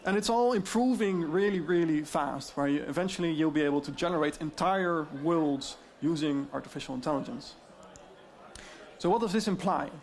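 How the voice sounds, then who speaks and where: A Dutch-accented man giving a conference talk, his voice sitting a bit high. He explains in a lively, loose way, dropping frequent fillers along the way. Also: normal speed. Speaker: speaker on AI deepfakes.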